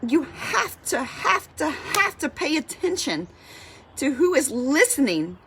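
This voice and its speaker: A woman's voice: high voice, sing-song, slow pace, vocal fry, bright, forceful tone, slight background noise. A woman fitness coach giving a passionate motivational talk, fired up and repeating her points for emphasis.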